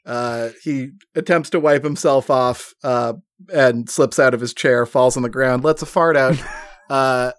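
A man running a comedic tabletop game, telling the story with plenty of laughter and stray fillers. His voice sits at a middling pitch and sounds dry and close to the mic. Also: fairly even intonation, a little slow, no room sound. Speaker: game master.

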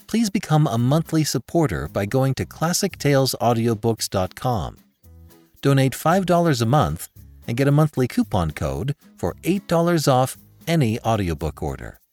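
A man narrating a classic story as an audiobook host, with expressive storytelling. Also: mid-range voice.

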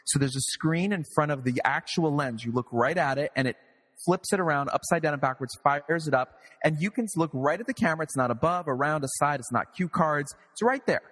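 A man who is a playwright and director, guest in a casual interview, telling lively anecdotes with some swearing and acting out other people's lines. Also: on the high side, fairly quick, big-room sound. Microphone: video call.

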